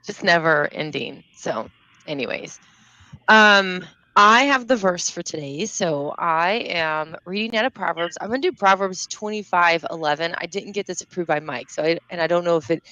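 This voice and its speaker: A woman's voice: on the low side, pushed and bright, no echo, rough recording. A woman with a Southern US accent, co-hosting a casual chat in a rambling, laughing way. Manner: chatty, rambling, quick to laugh. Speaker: co-host.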